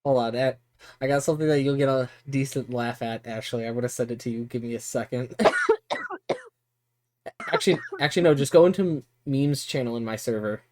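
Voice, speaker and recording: A woman streamer in relaxed, casual chat who laughs often. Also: extremely low pitch, brisk.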